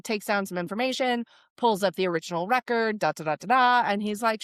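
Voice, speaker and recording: A woman co-hosting a podcast in casual chat, telling stories with lively acted-out quotes and casual swearing. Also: a little high, normal speed, no echo, clean studio sound. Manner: animated storyteller who acts out quoted voices. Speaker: podcast co-host.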